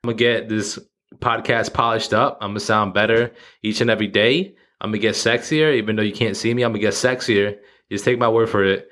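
Casual podcast host around thirty, lowish male voice, loose and rambling, swears a lot, jokes at his own expense. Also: steady tone, fairly quick, a bit bright. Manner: rambling, profane, self-mocking, laughs at himself. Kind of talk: casual solo podcast monologue.

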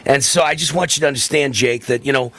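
A man's voice: mid-range voice, fast, fairly bright tone. A man hosting political talk radio, fervent and indignant, hammering his points with repeated phrases. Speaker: radio talk show host.

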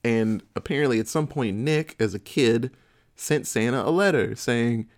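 A man's voice: medium pitch, moderate pace. A man in casual chat, retelling a movie plot in a profane, laughing storytelling manner.

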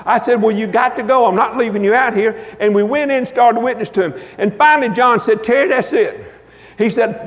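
A man preaching a revival sermon with a very high, ringing voice. He tells folksy stories and leans into words with a drawn-out cadence. The sound carries a long church-hall reverb.

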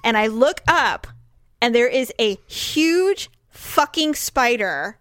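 Woman, casual storytelling, animated, higher pitch, dry close sound. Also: slow pace, no room sound. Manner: animated, shrieks when acting out the scare.

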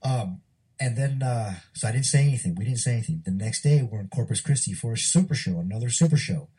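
Emotional man telling a story, dark voice. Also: expressive, fast, breathy edge, low-quality recording. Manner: emotional, acts out quotes with shifting pitch. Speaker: former wrestler recounting a story. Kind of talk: casual podcast storytelling.

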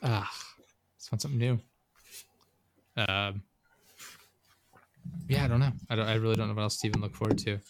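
A man's voice: lowish voice, steady tone, slight background noise. A young man hosting a podcast in casual chat, loose and profane, wrapping up the episode. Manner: loose and profane, retelling scenes with quick impressions. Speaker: podcast host.

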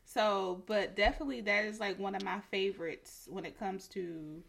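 A woman's voice: medium pitch, normal speed, vocal fry, a bit bright. A woman hosting a podcast, chatty and giggly in casual chat. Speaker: podcast host.

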